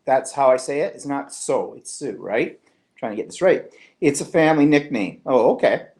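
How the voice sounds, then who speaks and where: A man's voice: mid-range voice, lively intonation, normal speed, a little mellow. A man from Canada, co-hosting a live online show in casual, teasing chat and reading viewer comments aloud.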